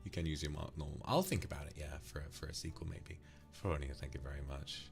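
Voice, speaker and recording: A man's voice: very deep voice, fast talker, vocal fry, soft background music. A man from the UK, streaming and casually thanking viewers for donations, affectionately calling them darling. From United Kingdom.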